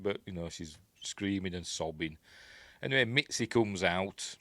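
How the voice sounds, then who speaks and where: A man's voice: on the low side, unhurried, fairly bright tone, no echo. A man with a Yorkshire accent giving a casual, rambling film breakdown, full of fillers and restarts. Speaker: film reviewer.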